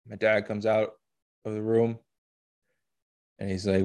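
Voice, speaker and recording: A man hosting a podcast, telling a personal story in an emotional, halting way with blunt swearing. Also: on the low side, little pitch movement, creaky, a little mellow. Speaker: podcast host.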